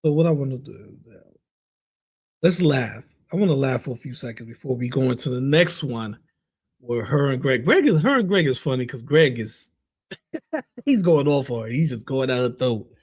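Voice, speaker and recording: A man's voice: mid-range voice, expressive, moderate pace, a little mellow, slightly rough. A man hosting a live stream, greeting chat viewers by name and chatting loosely about clips, often trailing off mid-sentence. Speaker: streamer host reacting to clips. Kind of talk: casual live-stream commentary.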